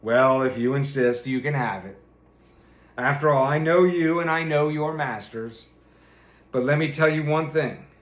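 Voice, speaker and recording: A man's voice: a little high, unhurried, lightly acted. A man voicing a stubborn, indignant farmer in a storybook reading. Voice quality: grumbling, indignant. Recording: roomy echo.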